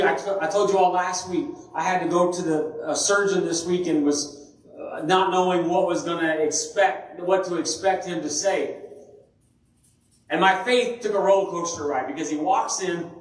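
Guy preaching in a church, high voice, big echoey room, heard from kinda far off. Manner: animated storytelling, acting out voices. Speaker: pastor. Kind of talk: sermon. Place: church sanctuary. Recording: very echoey church hall from a distance.

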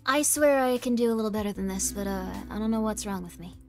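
A woman's voice: medium pitch, fast, faint music behind. A woman streamer chatting casually with her live chat, bubbly and self-deprecating, with lots of giggles and "like.". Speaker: VTuber streamer.

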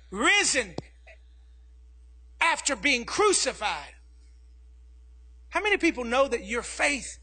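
A man preaching a sermon as pastor, telling a family story and rising to shouts. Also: extremely high pitch, breathy edge. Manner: animated preaching, acting out his daughter's voice, rising to shouts.

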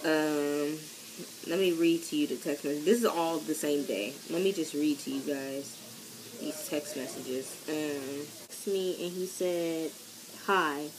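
A young woman chats through a story for her vlog in a lowish voice. She is lively and animated, and her pitch leaps whenever she acts out what someone said. Faint noise sits in the background. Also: measured pace. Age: young adult. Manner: chatty and animated, acting out quoted voices with big pitch jumps. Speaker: vlogger.

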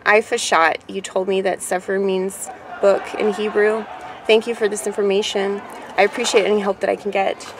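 A middle-aged woman talking casually to her viewers, rambling, laughing at her own stumbles and swinging from loud to quiet. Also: medium pitch, flat delivery, moderate pace, a little hiss or hum. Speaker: vlogger.

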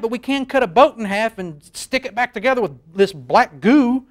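A man's voice: high voice, lively intonation, a little fast. A man in his thirties hosting a late-night show in a studio, rambling self-deprecatingly through a comic monologue and laughing at his own jokes. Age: 30s. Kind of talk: comedic monologue. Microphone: facing a camera.

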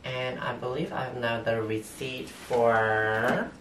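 Slow, bright-voiced man with a non-native accent. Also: mid-range voice, fairly even intonation. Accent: non-native English accent. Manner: halting, hesitant, broken English with many fillers. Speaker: vlogger. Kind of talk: unboxing haul vlog. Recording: roomy echo, distant mic, faint noise.

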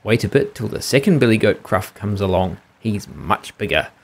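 A man's voice: fairly low pitch, very animated, normal speed, vocal fry, a little hiss or hum. A man voicing the tiniest billy goat, who speaks in a small, pleading voice.

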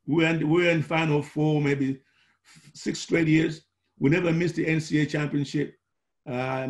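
An older man from Malawi, telling his coaching history in an oral history interview, animated and acting out the dialogue he recalls. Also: on the high side. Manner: animated, acts out quoted dialogue.

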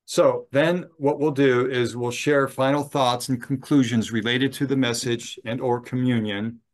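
Gentle, deliberate male chaplain. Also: medium pitch, fairly even intonation. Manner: slow, gentle and deliberate, with fillers. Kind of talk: training talk on ministry.

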